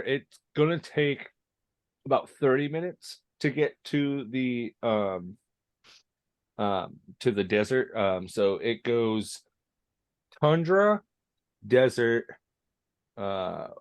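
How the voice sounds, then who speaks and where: Lively male game master, dry sound. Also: mid-range voice, no room sound. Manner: loose, joking narration with lively swings. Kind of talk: narrating a tabletop game.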